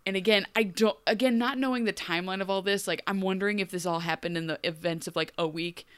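A woman co-hosting a podcast, giving a wry, animated recap with frequent laughs. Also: mid-range voice, fast talker, clear, resonant tone. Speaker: podcast co-host. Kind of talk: casual recap chat.

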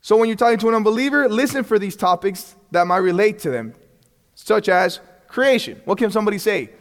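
A man's voice: high-pitched, expressive, a little fast. A man teaching a Bible lesson in a conversational way. He keeps checking in with the class, often restarts his sentences, and acts out bits of dialogue. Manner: frequent restarts and check-ins. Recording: long hall reverb.

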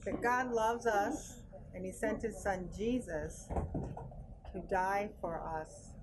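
A woman in a Bible class giving slow, earnest answers that sound a little unsure. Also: mid-range voice, noisy background.

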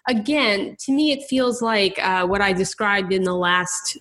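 A young woman co-hosts a podcast in a loose, chatty way, working out her thoughts as she goes. Her voice sits at an everyday middle pitch. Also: unhurried, a bit bright. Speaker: podcast co-host. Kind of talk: casual podcast chat.

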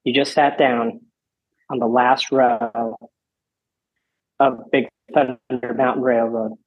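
A man on a podcast panel telling a ride story with excitement, shouting quoted lines. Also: mid-range voice, slow, husky, phone-quality sound. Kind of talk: casual chat.

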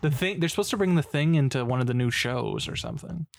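A man's voice: a little high, animated, fast, gravelly, no echo, studio quality. A man co-hosting a casual movie podcast, rambling and swearing as he trails off and restarts. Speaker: podcast co-host. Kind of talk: casual movie review chat.

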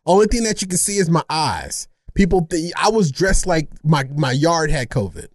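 A man co-hosting a podcast, telling a rambling, self-mocking story in casual chat, animated and funny. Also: on the high side, normal speed, no room sound, clean studio sound. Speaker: podcast co-host.

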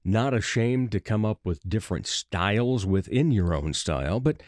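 A man's voice: lowish voice, expressive, normal speed, a little mellow, no echo, studio quality. A man in his sixties hosting a music interview show, chatting casually with lots of fillers and eager praise. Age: 60s. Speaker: radio show host.

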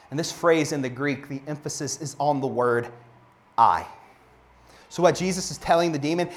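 A man preaching a sermon, building to emphatic, passionate peaks and then dropping to soft, quiet phrases. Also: a little high, moderate pace.

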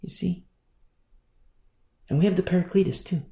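A man's voice: high-pitched, normal speed, vocal fry, dark tone, roomy sound. A man preaching a sermon in an emphatic way, repeating phrases and often asking "you see?".

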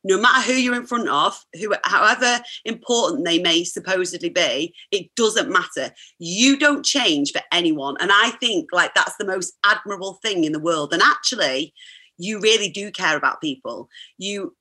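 Woman chatting on a podcast, bright forceful voice, laughs a lot, a bit low. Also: expressive. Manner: effusive, laughs often, talks in quick restarts. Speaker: podcast guest, sports presenter. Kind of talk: casual chat.

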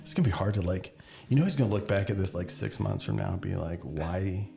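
A man's voice: low-pitched, fast talker, gravelly, dark tone. A man co-hosting a podcast, chatting playfully and teasing the guest. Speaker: podcast co-host. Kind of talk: casual chat.

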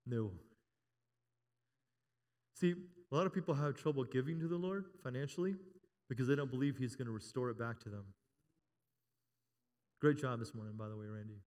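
A man's voice: medium pitch, fairly quick, pauses often. A man in his fifties preaching a sermon in a church, joking with the congregation and rising to emphatic calls. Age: 50s. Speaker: pastor. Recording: long hall reverb.

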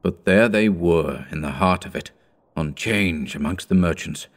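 A man narrating an audiobook in a measured, steady reading. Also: low-pitched.

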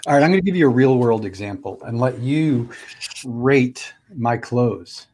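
A man's voice: medium pitch, measured pace, a little mellow, a little hiss or hum. Laid-back guy hosting, talks it through casually, restarts a lot. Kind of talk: casual conversation.

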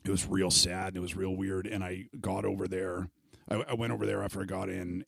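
A man's voice: sits low, level tone, moderate pace, gravelly, husky, dry recording, studio quality. A man in his thirties chatting casually as a podcast host, profane, self-mocking and emotional. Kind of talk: casual chat.

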